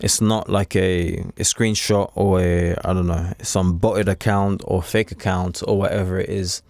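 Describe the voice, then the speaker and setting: A man's voice: deep voice, flat delivery, measured pace, creaky, darkish tone, no room sound, clean studio sound. A man talking casually to camera as a trading coach, chatty and repetitive, with streetwise slang. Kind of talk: casual unscripted talk to camera.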